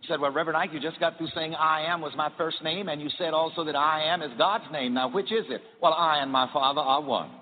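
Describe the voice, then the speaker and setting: A man's voice: a little high, steady tone, brisk, few pauses, a little hiss or hum. A man preaching a sermon, leading his congregation in call-and-response and repeating phrases for them to echo back. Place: church hall with a congregation. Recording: tinny archival sermon recording in a reverberant hall.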